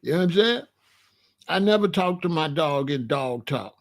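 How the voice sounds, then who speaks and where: A man in his sixties telling stories in a casual, animated way, full of street slang and "you know what I'm saying.". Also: fairly high pitch, normal speed, gravelly. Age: 60s. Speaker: channel host. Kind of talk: casual storytelling monologue.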